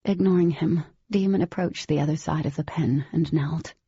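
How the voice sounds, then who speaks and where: A woman giving scripted first-person audiobook narration in a steady, even storytelling manner. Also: deep voice, moderate pace, slightly rough, no echo, muffled recording.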